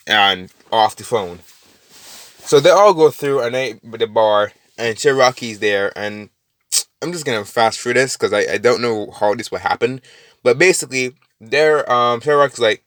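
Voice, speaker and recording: A man's voice: on the low side, moderate pace, fairly bright tone, no echo, studio quality. A young man casually improvising a story, rambling and swearing, full of fillers and restarts.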